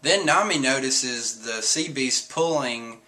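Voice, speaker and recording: A man's voice: medium pitch, lively intonation, takes it slowly, bright, forceful tone. A man casually recapping a comic chapter in a chatty way, laughing now and then. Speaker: comic reviewer.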